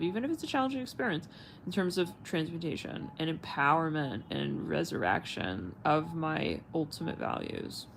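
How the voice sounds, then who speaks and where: A woman's voice: fairly low pitch, animated, moderate pace, gravelly, slight background noise, low-quality recording. A woman tarot reader and channel host chatting casually to her viewers, rambling, swearing, and searching for her words with many fillers. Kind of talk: casual livestream chat.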